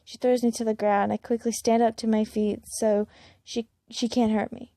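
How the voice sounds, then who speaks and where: A woman reads a first-person fan story aloud in a plain, unpolished way, with the odd slip and restart. Her voice is gravelly, mellow in tone and a little high. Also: little pitch movement, moderate pace, no echo, clean studio sound. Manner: plain reading with small slips and restarts. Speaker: fan-fiction reader.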